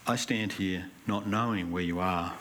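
Bright-voiced man preaching. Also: deep voice, a little slow, a little hiss or hum. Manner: earnest, emphatic preaching with animated anecdotes. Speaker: pastor. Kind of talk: sermon. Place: church hall.

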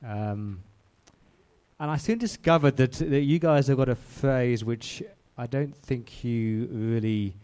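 A man's voice: mid-range voice, slow, warm tone, clean tone. A man preaching a sermon in a church, who speaks conversationally and often repeats and restarts his words. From outside Australia.

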